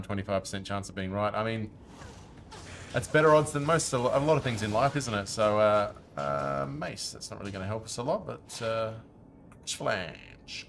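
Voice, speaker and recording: Male streamer, lowish voice, loose chatty play-by-play aimed at chat, faint room hum. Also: a bit bright. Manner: chatty, talks to viewers while playing. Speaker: game streamer. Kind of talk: casual live-stream commentary.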